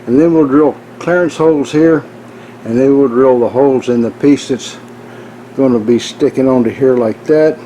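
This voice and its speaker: A man casually narrating machining work in his workshop, folksy and relaxed, ending with a told joke. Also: medium pitch, moderate pace, a little hiss or hum, low-quality recording.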